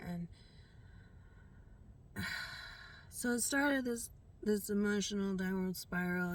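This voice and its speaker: A woman's voice: on the low side, vocal fry, distant mic, slight background noise. A woman vlogger telling a personal story in a rambling, candid way, with lots of fillers and restarts.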